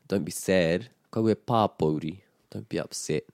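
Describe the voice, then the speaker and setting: Low, mellow-voiced New man teaching. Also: normal speed, vocal fry, dry recording, clean studio sound. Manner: patient, explains grammar and models pronunciation. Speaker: te reo Māori teacher. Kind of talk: language lesson explaining phrases.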